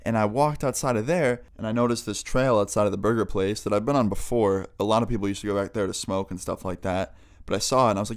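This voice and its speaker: Young man, vlogger, rapid story time, lowish voice, profane, casual. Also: clean tone. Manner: rapid, profane, chatty retelling.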